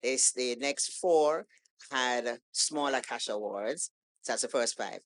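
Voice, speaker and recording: A woman guest on a podcast, telling a story in a casual, animated way and acting out the lines of the people in it. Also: extremely low pitch, slow. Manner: animated storytelling, acts out quoted dialogue. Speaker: guest poet.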